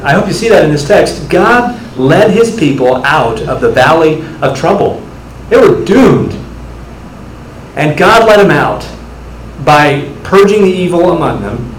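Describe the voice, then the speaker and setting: A young man preaching a sermon as pastor, earnest and direct, building to animated storytelling. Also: fairly high pitch, roomy sound, a little hiss or hum, rough recording.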